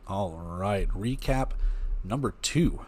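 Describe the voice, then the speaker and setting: Low-voiced man rambling through a sports recap. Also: expressive, takes it slowly, slight background noise. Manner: rambling, conversational, reads stats aloud. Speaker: podcast host.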